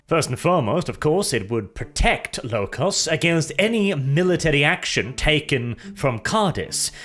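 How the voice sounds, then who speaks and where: A man casually retelling lore as a storyteller, animated and jokey, with asides and laughter. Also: fairly high pitch.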